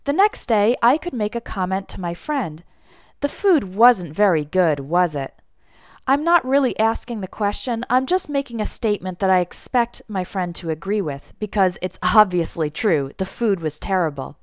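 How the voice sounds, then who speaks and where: A woman explaining grammar in a clear, deliberate teaching voice, her pitch rising and falling in a lively way as she models intonation. Her voice sits at a middle pitch and sounds close and dry, with no room echo. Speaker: English teacher. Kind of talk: scripted language lesson.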